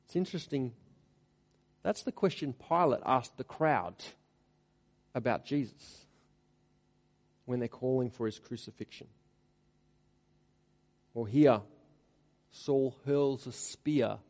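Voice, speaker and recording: Mellow-voiced preacher in a reverberant hall. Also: male voice, medium pitch. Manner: reads scripture aloud with rising emphasis, then drops to quiet asides. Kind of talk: expository sermon.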